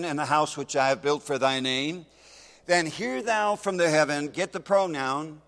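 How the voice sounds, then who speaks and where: A man's voice: fairly high pitch, fairly bright tone, long reverb tail. A man preaching a sermon, reading scripture aloud and pressing his points with emphasis. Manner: emphatic, reads scripture aloud in King James wording.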